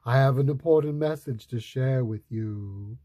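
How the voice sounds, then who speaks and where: Storybook figure: a man playing an ancient wise wizard, unhurried, secretive whisper. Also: medium pitch, no echo, clean studio sound, natural voice. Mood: mysterious. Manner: slow, hushed whisper. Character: very old wise male wizard, mysterious.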